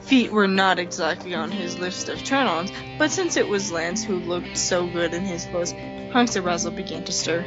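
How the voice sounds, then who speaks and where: A woman's voice: lowish voice, moderate pace. A woman co-hosting a podcast, reading fan fiction aloud with irreverent, joking banter and stumbling over the words as she goes. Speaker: podcast co-host. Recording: muffled lo-fi with background music.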